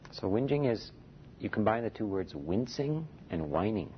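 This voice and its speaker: A man teaching a meditation retreat in a relaxed, conversational dharma talk, often saying "you know" and chuckling softly. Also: measured pace. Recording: dull lo-fi recording with faint rumble.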